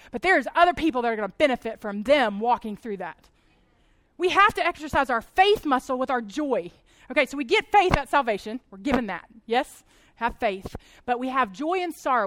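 Woman, 30s, high voice, chatty animated preaching, dry close recording. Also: no echo. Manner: chatty, animated, laughs often. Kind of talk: casual sermon talk.

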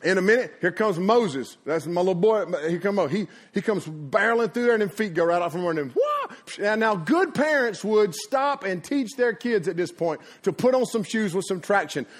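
A middle-aged man preaching a sermon, folksy and animated, laughing at his own stories and acting out sounds. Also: high voice, a little fast, hardly any pauses. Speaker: pastor. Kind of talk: energetic sermon storytelling. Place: church before a congregation.

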